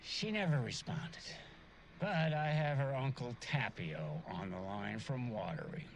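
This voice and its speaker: A folksy small-town radio host with a gravelly voice that swings up and down in lively patter. He talks slowly, with easy charm. Faint game ambience hums behind him. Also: mid-range voice, a little hiss or hum. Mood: cheerful.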